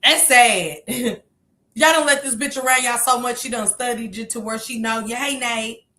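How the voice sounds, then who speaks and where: A woman streamer talks through the drama in a casual, animated way, her voice high and bright. She jumps from loud emphatic bursts to low muttered asides. The sound carries a noticeable room echo. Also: moderate pace. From Kentucky. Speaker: commentary streamer. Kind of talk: casual reaction commentary.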